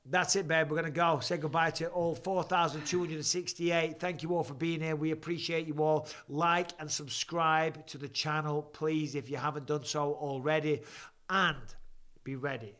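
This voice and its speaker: A man's voice: on the high side, little pitch movement, moderate pace, a bit bright. A man hosting a live stream, chatting bluntly and jokingly while watching fights, with plenty of swearing. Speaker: host.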